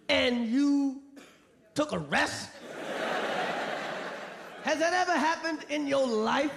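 A man doing a stand-up routine on a club stage, profane and animated, shouting his punchlines over a laughing crowd. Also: very high voice, creaky. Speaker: stand-up comedian. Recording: live crowd laughter and noise.

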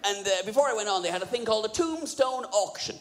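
A man doing a stand-up comedy set, sweary and animated, laughing at his own jokes. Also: high voice, fast talker. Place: live comedy venue. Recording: live venue, roomy hall echo, crowd noise.

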